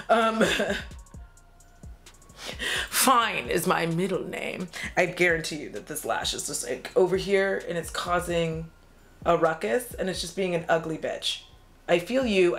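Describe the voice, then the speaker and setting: A woman's voice: on the low side, unhurried, fairly bright tone. Chatty woman doing makeup, faint music. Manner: chatty, swearing, laughing often, acting out her own quotes. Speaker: beauty vlogger. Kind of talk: get-ready-with-me storytime chat.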